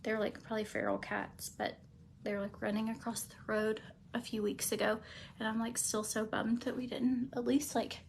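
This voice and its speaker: A woman chatting casually through a makeup routine, rambling with many fillers and pausing to talk to her cat. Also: fairly high pitch, level tone, creaky, a little hiss or hum. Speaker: beauty vlogger.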